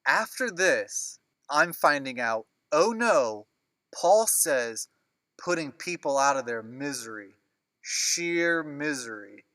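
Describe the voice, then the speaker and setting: A man hosting a movie podcast, chatting casually with quick, jokey asides. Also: on the high side, expressive, fairly bright tone, no room sound. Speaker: podcast host. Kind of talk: casual chat.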